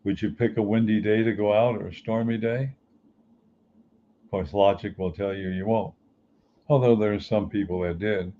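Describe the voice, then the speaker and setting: Man, spiritual teacher, conversational motivational talk, rhetorical questions, lowish voice, muffled lo-fi recording. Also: steady tone, moderate pace, pauses often, a little hiss or hum.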